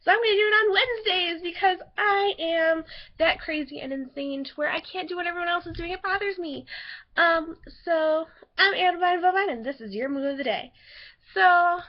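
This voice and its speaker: Chatty high-voiced young woman vlogging. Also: normal speed, dull audio. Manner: chatty, giggly, rambling with fillers. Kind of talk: casual chat to camera.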